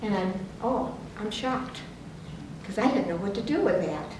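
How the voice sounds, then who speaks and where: A woman leading a workshop, telling a personal story in a lively way and acting out the voices she quotes. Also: mid-range voice, unhurried. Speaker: workshop leader. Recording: very echoey room, distant mic, faint noise.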